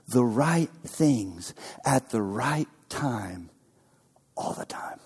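A male pastor giving a sermon, swinging between loud emphatic bursts and near-whispers and repeating key phrases for emphasis. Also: a little high. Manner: dramatic swings from shouts to whispers. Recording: long hall reverb.

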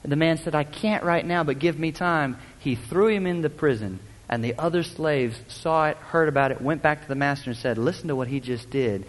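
A man preaching a sermon in a church, swinging between loud urgent lines and hushed, quiet ones. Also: a little high, fairly quick, long reverb tail. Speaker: pastor.

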